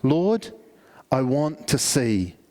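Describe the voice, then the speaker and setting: A man voicing a blind male beggar in a retold story, calling out louder and higher. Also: very animated, very slow. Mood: simple.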